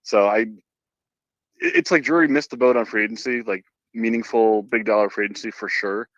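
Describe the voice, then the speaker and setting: Chatty guest on dull lo-fi audio. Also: male voice, on the low side, very animated, a little fast, dry recording. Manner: chatty, swears casually. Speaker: podcast guest. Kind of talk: casual chat.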